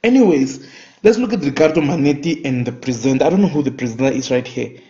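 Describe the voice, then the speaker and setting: A man, giving casual, opinionated fashion commentary with big animated swings in his voice. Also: medium pitch, fast. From Namibia. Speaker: fashion vlogger. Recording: dull lo-fi recording.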